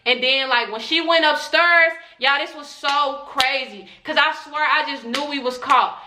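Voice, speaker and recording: A young woman vlogger telling a storytime in a casual, slangy, animated way, acting out whispered quotes. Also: high voice, unhurried, slight background noise. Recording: echoey room.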